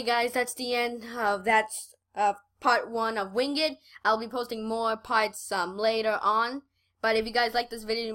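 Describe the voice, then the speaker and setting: A woman reading her own homemade story aloud in a casual, halting way, often repeating words. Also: a little high, sharp tone, low-quality recording.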